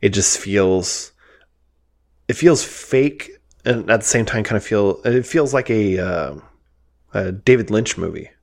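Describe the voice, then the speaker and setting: A man's voice: on the low side, measured pace, gravelly. A man co-hosting a podcast, chatting casually about a film, laughing easily and reading from his notes. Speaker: podcast co-host.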